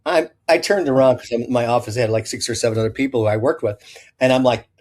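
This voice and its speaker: A man's voice: medium pitch, fast talker, darkish tone. Older man, chef guest, from Illinois, rambling anecdotes, self-correcting, acts out quotes. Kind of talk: storytelling interview.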